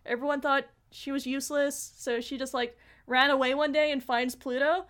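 A woman's voice: high voice, little pitch movement, moderate pace, fairly bright tone. A young woman in casual podcast chat, animatedly retelling a story as an enthusiastic fan.

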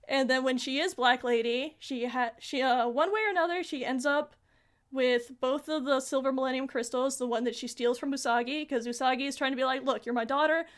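A young woman with a high voice talks in a casual podcast chat. She tells the story animatedly and gushes like an eager fan, often stopping herself mid-thought. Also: brisk. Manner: animated, gushing fan retelling.

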